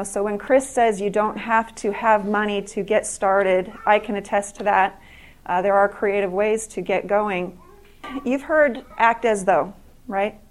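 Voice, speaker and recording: A middle-aged woman giving a speech to an audience, telling stories earnestly and often restarting and repeating words. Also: mid-range voice. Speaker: speaker at an evening event.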